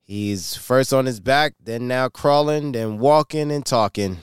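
Slow, smooth-voiced male host. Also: medium pitch, no echo, clean studio sound. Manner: sets scenes in a storytelling way before asking. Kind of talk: interview hosting.

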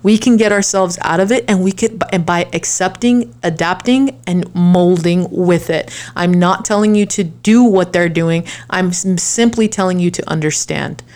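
A woman talking straight to her viewers in an earnest, emphatic motivational monologue, full of rhetorical questions and restarts, slowing down for key lines and rushing through asides. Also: lowish voice, darkish tone. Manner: swings between slow deliberate lines and quick asides. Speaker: online creator. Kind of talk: impassioned motivational talk to viewers.

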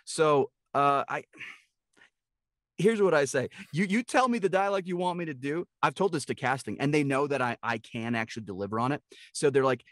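A man's voice: on the high side, lively intonation, fairly quick, a bit bright, dry recording, clean studio sound. A middle-aged man talking as a guest voice actor in a casual, playful interview, laughing often.

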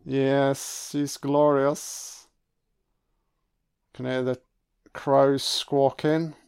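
A man's voice: medium pitch, level tone, drawn-out words, darkish tone, clear, resonant tone. A man giving a casual, profane and sarcastic film commentary as host.

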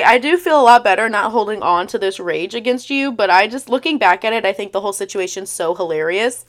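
A woman's voice: a little high, a bit bright. A young woman in her twenties hosting a casual storytime podcast, sarcastic and blunt, swearing freely as she reads old messages aloud. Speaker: podcast host.

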